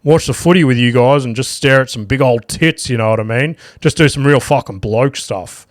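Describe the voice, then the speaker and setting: A man's voice: medium pitch, moderate pace, dry recording, studio quality, lightly acted. A man putting on an overly blokey voice about beers and footy.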